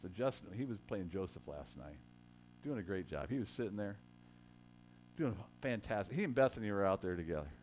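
A man's voice: lowish voice, lively intonation, brisk, a little mellow, a little hiss or hum. A man preaching a sermon in a conversational way, joking with his congregation and rising to emphatic quotes. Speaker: pastor.

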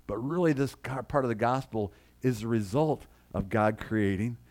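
A man's voice: medium pitch, moderate pace. A middle-aged man preaching a sermon as a pastor, asking the congregation questions and reading scripture aloud with rising emphasis. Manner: animated preaching with call-and-response, reads scripture aloud.

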